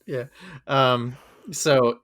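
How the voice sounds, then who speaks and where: A man co-hosting a podcast in casual chat, relaxed, with brief reactions. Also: medium pitch, drawn-out words. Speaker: podcast co-host.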